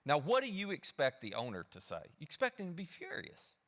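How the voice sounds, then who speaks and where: A man's voice: fairly high pitch, huge pitch swings, brisk, a bit bright. A male pastor preaching a sermon, telling a story conversationally, acting out the characters and putting questions to the congregation. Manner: conversational, asks the audience questions.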